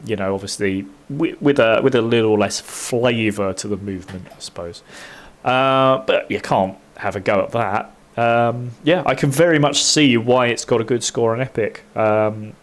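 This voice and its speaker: A man casually commenting on his gameplay in a chatty, self-mocking way, with lots of fillers and bits of humming. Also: mid-range voice. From United Kingdom. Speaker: gaming streamer.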